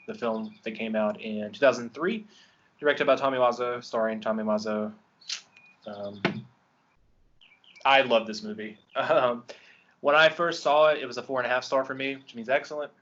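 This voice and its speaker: This man hosts a film podcast in a medium-pitched, fairly bright voice over lo-fi sound. His casual review chat about a movie he loves is enthusiastic and rambling, dotted with ums and do-overs.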